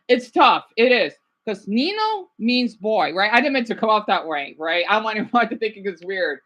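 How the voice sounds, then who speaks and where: A woman's voice: a little high, a bit bright. A woman vlogger chatting casually about learning languages, rambling and hesitant, often checking in with "right?".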